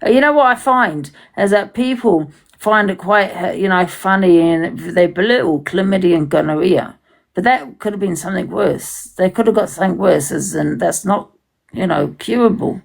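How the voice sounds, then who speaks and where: A woman's voice: fairly low pitch, moderate pace, creaky, poor audio. A woman hosting a casual livestream chat, rambling and swearing freely, with many restarts.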